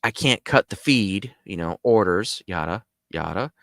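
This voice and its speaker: A man's voice: deep voice, animated, measured pace, gravelly, a bit bright, dry recording, studio quality, full character voice. A man voicing a panicked young male soldier who stammers anxiously while retelling a story.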